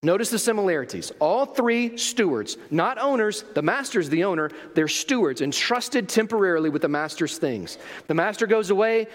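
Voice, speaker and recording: A man's voice: fairly high pitch, in a large hall. A man delivering a sermon as a pastor, emphatic and full of rhetorical questions.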